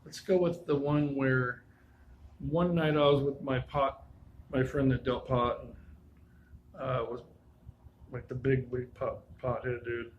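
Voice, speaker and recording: A man's voice: medium pitch, highs cut off, slight background noise. A man casually telling a spooky personal story, rambling and full of asides and restarts.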